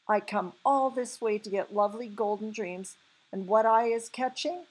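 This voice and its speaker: A woman's voice: mid-range voice, normal speed, close to an everyday voice, rough recording. A woman doing an agitated big friendly giant. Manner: mangled words, loud exclaiming. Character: big clumsy kind male giant, distressed.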